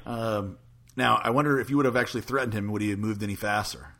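Host guy with a bright voice, chatting easy and asking what-if questions. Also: lowish voice, fast talker, gravelly. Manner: relaxed, asks musing questions. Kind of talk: casual chat.

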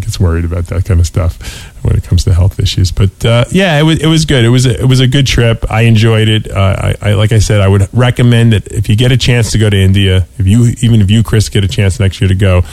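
A man's voice: on the low side, fast talker, vocal fry, few pauses, darkish tone, dry recording. A man chatting casually as a podcast co-host, telling stories with many restarts and fillers. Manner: rambling storyteller, lots of restarts and "you know". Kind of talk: casual chat.

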